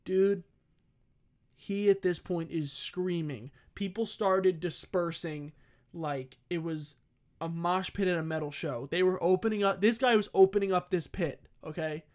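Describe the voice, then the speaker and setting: High-voiced, profane guy telling a story. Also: a little slow. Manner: profane, animated, self-interrupting. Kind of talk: casual comedic storytelling.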